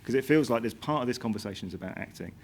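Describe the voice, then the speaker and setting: Guy interviewer talking quick on stage, keeps restarting sentences, faint room ambience. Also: mid-range voice, lively intonation, a little hiss or hum. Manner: quick, thoughtful questioner with restarts and self-corrections. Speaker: interviewer, season curator. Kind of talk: onstage interview.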